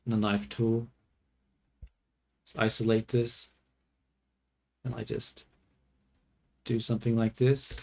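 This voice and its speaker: A man's voice: mid-range voice, level tone, takes it slowly, vocal fry, pauses often, darkish tone. A man streaming his 3D work, talking casually to himself as he goes, swearing offhand and laughing at his mistakes. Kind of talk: casual think-aloud commentary while working.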